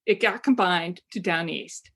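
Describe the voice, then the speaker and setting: An unhurried woman with a lowish voice, who writes travel guidebooks and comes from Maine, USA, is an enthusiastic guest in a laid-back interview. She fills her speech with fillers and frequently restarts her thoughts.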